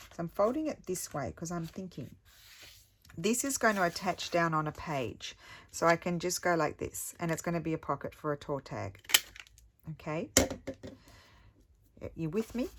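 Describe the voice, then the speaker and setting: A woman's voice: deep voice, noisy background. A middle-aged woman chatting casually as she crafts, thinking aloud and poking fun at herself. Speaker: craft vlogger. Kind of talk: casual crafting tutorial chat.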